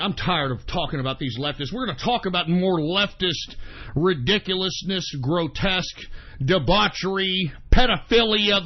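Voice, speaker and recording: Angry cussing radio host guy, kinda high voice, muffled lo-fi sound. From United States. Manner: profane, combative, builds to shouting. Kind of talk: ranting talk radio monologue. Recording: dull lo-fi audio.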